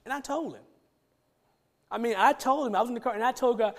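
A man's voice: very high-pitched, brisk, pauses often. A man telling a personal testimony as a sermon, animatedly acting out his own past conversations. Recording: long hall reverb.

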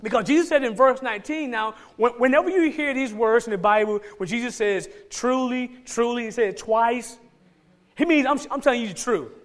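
A man's voice: extremely high pitch, moderate pace. A man with a Georgia Southern accent preaching a sermon as pastor, emphatic and repeating key phrases for stress.

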